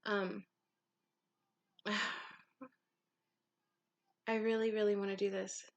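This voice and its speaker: A woman's voice: mid-range voice, little pitch movement, takes it slowly, muffled recording. A woman who is a mother of young kids, talking to camera in a candid, rambling confessional vlog, full of ums and casual swearing. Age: adult mother of young children. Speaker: vlogger.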